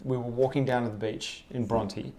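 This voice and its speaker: A man's voice: medium pitch, fairly even intonation, normal speed, mellow. A man, telling stories in a loose, rambling casual chat and swearing often. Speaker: guest.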